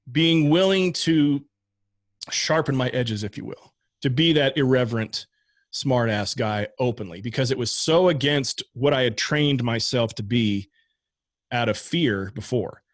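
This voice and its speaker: A man's voice: medium pitch, dry recording. A man talking candidly about learning stand-up comedy, rambling with restarts and casual swearing. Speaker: podcast guest, stand-up comic. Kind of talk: casual conversation.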